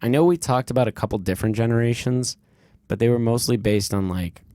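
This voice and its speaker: A man's voice: medium pitch, a little fast, dark tone, no room sound, clean studio sound. A man hosting a podcast, telling a childhood story in a rambling, candid way, swearing freely and leaning on fillers. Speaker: podcast host. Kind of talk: casual conversational storytelling.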